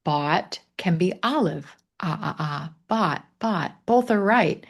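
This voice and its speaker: A man with a Missouri accent teaching English pronunciation in a live online class, modeling phrases slowly for learners to repeat. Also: sits high, expressive, vocal fry. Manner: slow, drawn-out model phrases. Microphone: video call.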